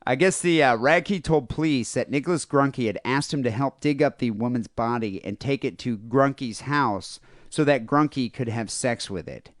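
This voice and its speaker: A man's voice: mid-range voice, moderate pace, no echo, studio quality. A man co-hosting a casual comedy podcast, rambling through a news story with lots of fillers and laughter. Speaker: podcast co-host.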